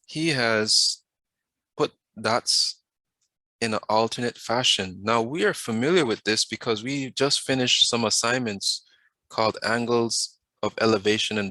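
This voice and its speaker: A man's voice: fairly low pitch, a little slow, sharp tone, dry recording. A man teaching a math class over a video, often stopping to put questions to the students and waiting for answers. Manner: asks the class questions, patient.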